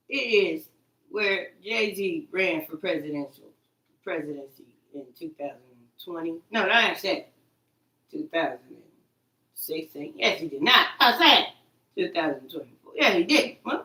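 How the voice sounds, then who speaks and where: A woman's voice: fairly low pitch, expressive, a little slow, long pauses, sharp tone. A woman talking in a rambling, agitated monologue, repeating herself, cursing and quoting her own words back. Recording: echoey room, far from the mic.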